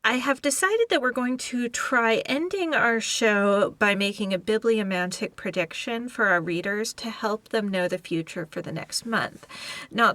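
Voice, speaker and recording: Lively, chatty woman hosting a podcast. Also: medium pitch, no room sound. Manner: chatty and animated, acts out quotes. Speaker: podcast host. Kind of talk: casual book chat.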